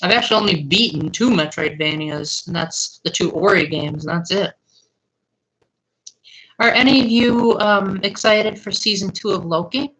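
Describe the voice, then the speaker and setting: A woman's voice: medium pitch, moderate pace, fairly bright tone, poor audio. A young woman streaming live, chatting casually and answering her viewers' comments.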